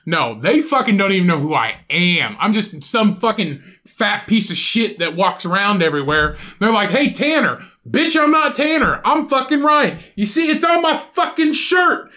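A man's voice: high-pitched, sing-song, normal speed, bright, forceful tone. A man co-hosting a podcast, ranting and swearing heavily in casual banter. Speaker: podcast co-host.

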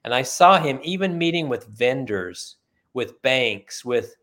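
A retired middle-aged man being interviewed, telling relaxed, anecdotal stories with many fillers. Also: mid-range voice, measured pace. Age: middle-aged or older, retired. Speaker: guest, author and former company sales leader. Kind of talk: conversational storytelling.

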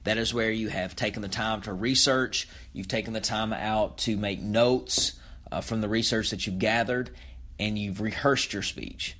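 A man's voice: fairly low pitch, fairly even intonation, normal speed, fairly bright tone. A man hosting a podcast, teaching public speaking in a conversational spoken lesson with frequent fillers and self-corrections.

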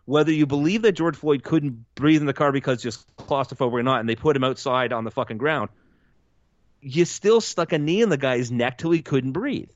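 A man co-hosting a casual podcast chat, animated and quick to laugh. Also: medium pitch, no echo. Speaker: podcast co-host. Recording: dull lo-fi mic.

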